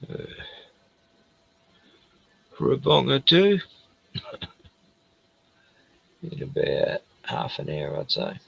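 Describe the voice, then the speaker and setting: A man's voice: medium pitch, huge pitch swings, very slow, creaky, pauses often, husky, no room sound, low-quality recording. A middle-aged man chatting casually on a late-night stream, tired and rambling, trailing off often and swearing a lot.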